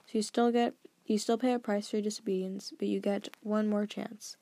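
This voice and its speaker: A woman takes on the role of a stern, formal grandfather of advanced age, lecturing in a measured, weighty manner somewhat lower and quieter than her narration. The recording is dry, the tone level, and the voice creaky yet natural.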